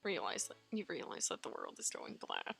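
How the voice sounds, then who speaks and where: A woman streamer reading a fan-made visual novel aloud in an expressive, giggly manner, faint game music behind. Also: very deep voice, moderate pace, creaky, slightly rough. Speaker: let's play streamer.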